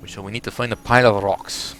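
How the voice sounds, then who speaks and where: A man hosting a let's play, giving casual gameplay commentary with relaxed, muttered asides. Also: lowish voice, fast talker, a little hiss or hum.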